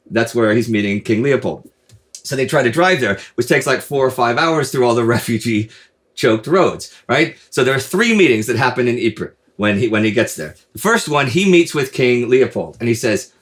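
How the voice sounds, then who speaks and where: Man telling history as a lively story. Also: medium pitch, brisk. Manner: animated storytelling, many restarts and asides. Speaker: host. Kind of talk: casual history chat.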